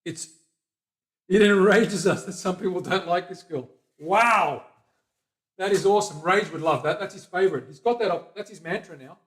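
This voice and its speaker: A fairly high-voiced man chatting casually as he works in his workshop. He is upbeat and talkative, jumping from loud, excited remarks to low, half-muttered asides to himself. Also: moderate pace. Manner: chatty and upbeat, talking to viewers and a helper as he works; swings between loud bursts and quiet mumbling to himself. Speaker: guitar builder hosting a livestream. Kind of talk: casual workshop chat while working.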